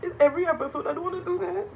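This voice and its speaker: A woman reviewing a reality TV episode in casual chat, animated and emotional, repeating phrases and using slang. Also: very high voice, rapid-fire, gravelly, slight background noise, rough recording. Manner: moved and emotional while talking.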